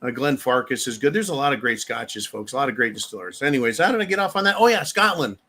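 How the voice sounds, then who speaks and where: Talking fast in a medium-pitched, expressive voice with a bright, forceful tone, a man from the United States hosts a live show. He reads viewer messages aloud while delivering a blunt, profane, rambling rant.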